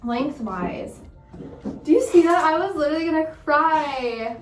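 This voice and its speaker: A high-voiced woman talks to the camera in a breathless, excitable way and keeps repeating herself. She is recorded at home from some distance, and the room is echoey. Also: measured pace. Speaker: vlogger. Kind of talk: live reactions to the camera.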